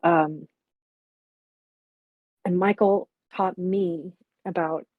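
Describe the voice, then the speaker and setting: A woman's voice: fairly low pitch, fairly even intonation, very slow, no room sound, narrow, tinny audio. A woman in her sixties reminiscing candidly and reflectively, speaking frankly and swearing bluntly at times. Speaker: memorial stream guest.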